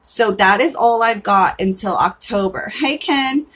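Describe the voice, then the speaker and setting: A woman's voice: mid-range voice, unhurried, fairly bright tone, slightly rough. A woman in her thirties hosting a casual livestream, chatty and candid, often saying "like" and swearing in passing. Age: 30s. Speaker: livestream host.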